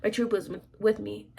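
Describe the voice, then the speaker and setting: A woman in her thirties chatting casually as a vlogger, rambling with lots of fillers, clearing her throat often and dropping to soft asides. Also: mid-range voice, slight background noise. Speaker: crafts vlogger and military instructor. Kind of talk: casual chat.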